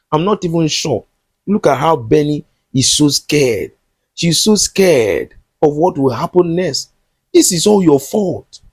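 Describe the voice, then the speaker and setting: Guy reviewing a movie, calls out the characters, kinda husky, voice jumps all over, dry sound. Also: fairly high pitch, darkish tone, no echo. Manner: indignant, scolding the characters directly. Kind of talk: recap and commentary on a film.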